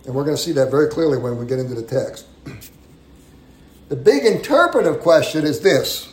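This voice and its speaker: A man's voice: on the high side, expressive, moderate pace. A man preaching a sermon, teaching verse by verse in a conversational way, stressing key phrases and often repeating words. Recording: roomy echo.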